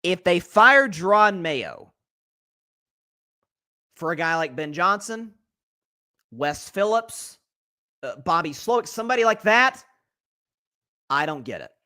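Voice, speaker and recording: Young male sports podcaster, high bright voice, fired-up casual opinion talk. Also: slow, long pauses. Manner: energetic opinionated rant. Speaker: podcast host.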